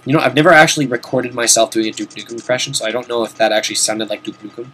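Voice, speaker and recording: A man hosting a video-game playthrough, chatting and rambling as he plays, swearing casually, his voice a little sore and hoarse. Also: mid-range voice, fairly even intonation, rapid-fire, few pauses, pushed and bright. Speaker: host. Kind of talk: let's-play game commentary.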